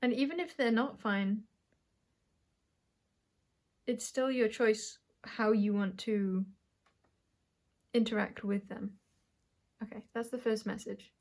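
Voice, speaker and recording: A woman giving a collective tarot reading, musing and halting as she draws cards and talks through what she senses. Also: a little high, steady tone, a little mellow. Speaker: tarot reader.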